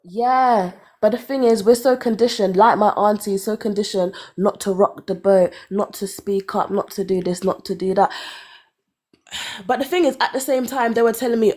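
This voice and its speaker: A woman in her thirties talking openly about her own life in a casual conversation. Her voice sits in an ordinary middle pitch. She tells it animatedly, sighing and laughing between thoughts. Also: moderate pace. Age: 30s. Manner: candid, animated storytelling with sighs and laughs. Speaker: caller. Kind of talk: casual chat.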